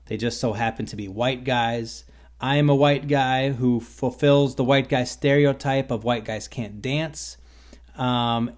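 A man hosting a solo talk show, telling stories in a wry, rambling way with sarcastic asides. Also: medium pitch. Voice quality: stutters on his own name at times. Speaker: podcast host. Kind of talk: casual solo monologue.

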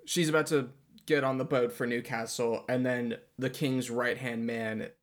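Male podcast co-host, wry casual delivery, mid-pitched everyday voice. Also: fairly even intonation, moderate pace. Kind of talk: casual movie-review chat.

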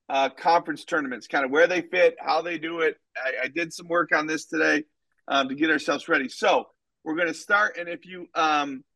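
A man, a soccer coach co-hosting a podcast, chatting casually and rambling through animated stories with many fillers. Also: fairly high pitch, no room sound, low-quality recording. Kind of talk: casual chat and storytelling.

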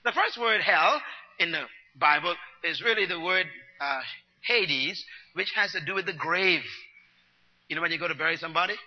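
A man preaching a sermon, teaching his congregation, going from quiet muttered asides to loud, driving declarations. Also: a little high, normal speed. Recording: dull long-reverb hall sound.

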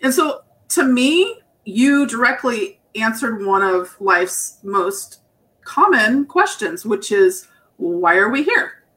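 A woman's voice: a little high, big pitch swings, takes it slowly. A woman co-hosting a podcast, chatting casually and asking long, rambling questions over a video call. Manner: warm, laughing, rambling questions. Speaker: podcast co-host. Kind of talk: casual chat.

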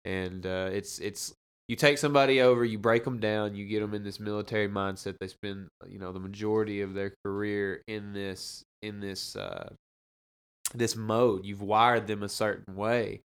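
A man's voice: on the low side, little pitch movement, moderate pace, clean tone. A man in casual conversation, speaking earnestly and thinking aloud with frequent restarts. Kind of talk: casual podcast chat.

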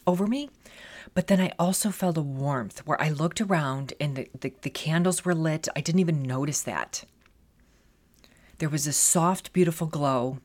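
A woman's voice: low voice, a little mellow. A middle-aged woman telling a personal story as a motivational speaker, earnest and reflective, leaning on "you know" as she talks.

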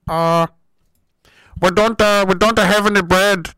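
A man voicing a flustered female fast-food drive-thru worker who stammers and repeats herself. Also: high voice, steady tone, sharp tone, clean tone, dry recording, voice pushed down, full character voice. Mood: hesitant.

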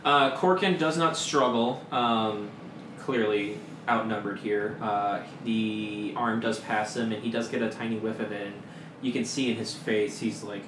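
A man narrating as game master in a loose, hesitant way with many pauses. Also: fairly low pitch, steady tone. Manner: loose, hesitant, lots of ums. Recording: roomy and noisy.

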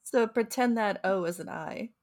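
A woman's voice: mid-range voice, normal speed, darkish tone. A young woman from New Jersey co-hosting a podcast, chatting casually and laughing often. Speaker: podcast co-host. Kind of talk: casual chat.

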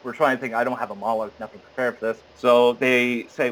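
A man's voice: fast talker, hardly any pauses, a little hiss or hum, low-quality recording. A man casually telling a story, acting out the quoted lines and often stammering and restarting. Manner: animated, acts out quoted dialogue with sudden high jumps. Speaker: guest recounting an audition.

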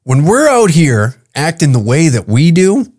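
Canadian male comic host, slightly high voice, profane heated solo podcast rant. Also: very animated, a little slow, a little mellow.

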